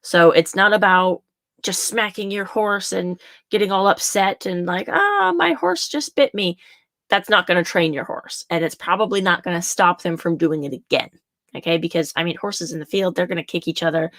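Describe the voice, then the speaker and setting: A woman's voice: on the low side, fairly even intonation, moderate pace, a bit bright, no room sound, clean studio sound. A young adult woman horse riding coach giving casual teaching talk, chatty and repeating her points for emphasis.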